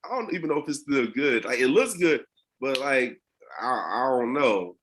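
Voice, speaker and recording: A man's voice: mid-range voice, animated, moderate pace, fairly bright tone, slight background noise. A man on a video call with his coaches, talking casually in a slangy, laid-back way with lots of fillers and restarts. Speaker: coaching client.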